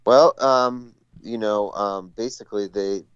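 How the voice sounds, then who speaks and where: A man with a low voice calls in over a dull, lo-fi phone line that sounds close and dry. He is a schoolteacher chatting casually, rambling through his stories and poking fun at himself. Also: fairly even intonation, a little slow, smooth, dry recording. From Boston area. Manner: rambling, self-mocking, laughing at his own stories. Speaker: schoolteacher, call-in guest. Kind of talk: casual chat. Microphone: phone call.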